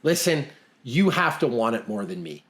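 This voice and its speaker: Here a Canadian co-host in middle age talks at normal speed in a medium-pitched, sing-song, fairly bright voice. The podcast talk is casual and motivational, delivered bluntly and emphatically with plenty of repetition.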